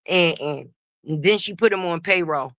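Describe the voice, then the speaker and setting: A woman hosting a casual gossip commentary stream, profane and animated, talking straight to her viewers. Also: lowish voice, measured pace, no room sound, clean studio sound. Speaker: host.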